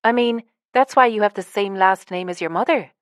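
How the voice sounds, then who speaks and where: A woman narrator voicing an eager, excitable young woman in an audiobook. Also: medium pitch, a little fast, smooth, no room sound, studio quality, lightly acted.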